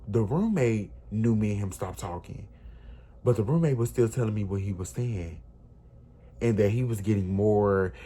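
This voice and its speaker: A man casually telling a personal story, animated and emphatic, often repeating himself. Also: on the low side. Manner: animated, repetitive, emphatic retelling.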